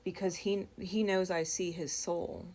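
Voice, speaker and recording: A woman slowly and reflectively recounting a dream, pausing often and restarting her words. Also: on the low side, fairly even intonation, darkish tone. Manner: slow, reflective, with frequent pauses and restarts. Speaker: storyteller.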